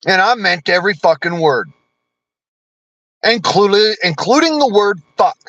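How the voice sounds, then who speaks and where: A high-pitched American man with a bright, forceful voice, ranting about politics with nonstop cursing. His delivery is blunt and combative. The sound is dry and close, with no room around it. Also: expressive, unhurried, no echo, highs cut off. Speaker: vlogger. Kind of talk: profane political rant.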